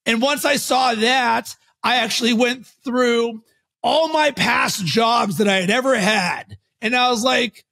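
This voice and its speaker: A man being interviewed as a guest on a podcast, a coach and founder explaining his ideas in an energetic, conversational way, with fast runs and loud emphatic bursts. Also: extremely high pitch, vocal fry.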